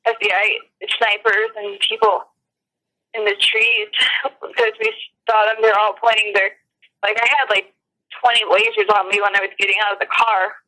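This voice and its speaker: A woman eyewitness recounting events in a phone interview, shaken and near tears, with halting speech full of restarts. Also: mid-range voice, pushed and bright, poor audio.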